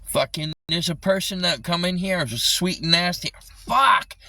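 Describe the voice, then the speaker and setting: Man, livestreamer, furious rant, heavy swearing, bright tense tone, dry sound a bit off the phone mic. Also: high voice, moderate pace, distant mic, a little hiss or hum, rough recording. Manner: angry, swearing constantly, repeats himself. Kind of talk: ranting live stream.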